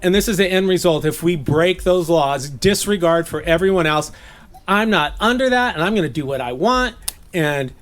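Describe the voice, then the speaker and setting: Man, bible teacher, slightly high voice, conversational, laughs at own jokes. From Southern California.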